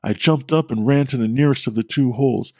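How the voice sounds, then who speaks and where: A man telling a scripted horror story as a podcast host, steady and measured. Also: medium pitch, no echo, clean studio sound.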